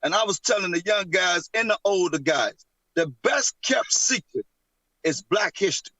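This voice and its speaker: A man in his fifties telling a barbershop story in casual chat, animated, with a husky voice. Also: sits high, normal speed, dry recording, rough recording. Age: 50s. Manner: animated, laughing, acts out his son's voice.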